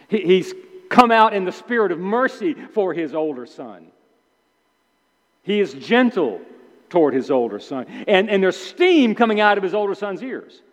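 A man preaching a sermon in an animated way, acting out the characters' complaints with sudden emphatic outbursts. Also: on the high side. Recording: dull sound with long hall reverb.

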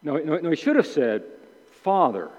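Animated preacher in a reverberant hall. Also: male voice, on the high side, moderate pace. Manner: animated, voices the characters' complaints with emphatic outbursts. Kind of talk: sermon. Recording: dull sound with long hall reverb.

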